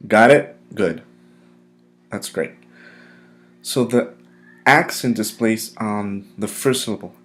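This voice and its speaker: A man teaching a recorded English vocabulary lesson, drilling pronunciation with clear, emphatic repetition. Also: on the low side, slow pace, pauses often, a bit bright.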